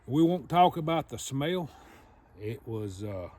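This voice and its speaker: A man telling a funny story in a folksy, drawn-out way. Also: mid-range voice, sing-song, darkish tone. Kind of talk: casual storytelling.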